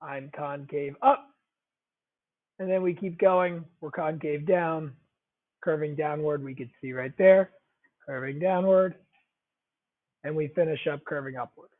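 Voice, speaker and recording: A man's voice: on the high side, unhurried, long pauses. A man teaching a math lesson, talking conversationally, repeating key phrases and checking in with the class. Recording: tinny phone-like audio.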